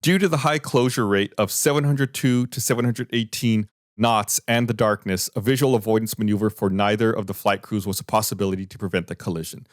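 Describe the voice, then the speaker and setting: Fairly low in pitch and steady in tone, the host talks fairly quickly on a laid-back podcast, laying out events and reading findings. It's recorded in studio quality with no echo.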